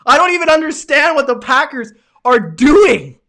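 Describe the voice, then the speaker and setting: A young American man hosting a live reaction stream of a football game, calling plays and yelling at big moments while talking to his chat. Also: very high-pitched, moderate pace. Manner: excitable, yells at big plays, talks to chat viewers.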